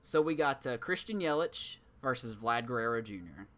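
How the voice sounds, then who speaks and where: A man's voice: medium pitch, expressive, moderate pace, a bit bright. A man co-hosting a sports podcast in loose, rambling, jokey casual chat. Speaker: podcast co-host.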